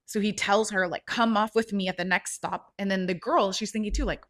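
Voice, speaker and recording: A woman hosting a podcast, retelling a story in a casual, animated way with lots of "like" fillers. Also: medium pitch, brisk. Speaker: podcast host.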